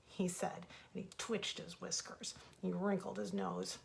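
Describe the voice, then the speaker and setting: A woman author reading her own fables aloud as bedtime stories, gentle and expressive, into a webcam. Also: on the low side, measured pace, vocal fry.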